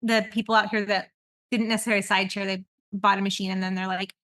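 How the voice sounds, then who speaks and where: Chatty woman podcast host, bright, dry sound. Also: medium pitch, quick pace, no echo. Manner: rambling and animated, with frequent laughter. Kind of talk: casual conversational podcast chat.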